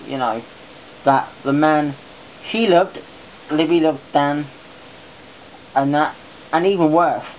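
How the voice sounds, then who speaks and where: A man chatting casually in a vlog, rambling and enthusiastic as he talks on. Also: mid-range voice. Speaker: vlogger. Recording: tinny phone-like sound with faint hiss.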